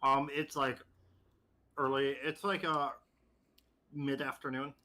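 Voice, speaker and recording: A man's voice: mid-range voice, little pitch movement, slow pace, pushed and bright. A man narrating as game master in a casual tabletop game, swearing freely.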